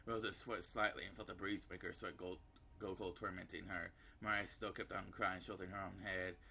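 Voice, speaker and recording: A man narrating a visual novel aloud as he plays. His voice is deep and gravelly with a bright edge, and it stays flat. He stumbles now and then and corrects himself. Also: fairly quick, a little hiss or hum. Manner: reading with slips and self-corrections. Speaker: gameplay narrator.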